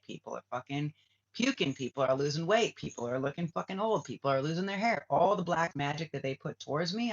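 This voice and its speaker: A man hosting a casual livestream, rambling and swearing, dropping to a hush and then flaring up heatedly. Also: fairly high pitch. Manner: rambling, profane, swings from hushed to heated. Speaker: spiritual reader and livestream host. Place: Bali, Indonesia. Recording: dull lo-fi livestream audio.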